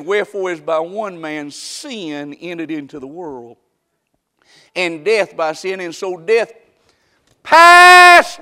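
A high-pitched male preacher delivers a dramatic sermon. He jumps from loud, mocking exclamations to hushed, drawn-out lines. His voice rings with the long reverb of a church hall. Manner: dramatic, swings from shouting to hushed, mocking asides.

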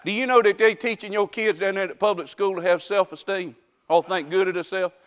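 High-voiced preacher in an echoing hall. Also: male voice, fairly even intonation, fairly quick, clean tone. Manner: dramatic, swings from shouting to hushed, mocking asides. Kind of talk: sermon.

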